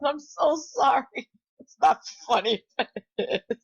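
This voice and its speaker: A young woman telling a story in a casual vlog, giggly and excitable, often breaking into laughter. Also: sits high, a little slow, lo-fi sound. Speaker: vlogger.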